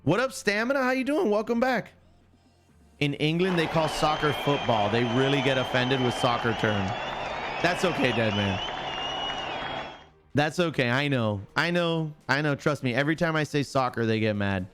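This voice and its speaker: A man's voice: mid-range voice, normal speed, music in the background, a crowd in the background. A man hosting a live stream, casually chatting, joking and teasing viewers by name as he explains a picks game. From United States. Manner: joking, teases chatters, greets them by name.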